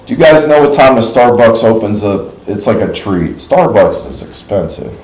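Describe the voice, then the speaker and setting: Fairly low in pitch, expressive and darkish, his voice runs at normal speed with a roomy echo. He's a middle-aged livestream host from the New York / New Jersey area who tells rambling stories casually and folksily, chatting away and laughing at his own tales.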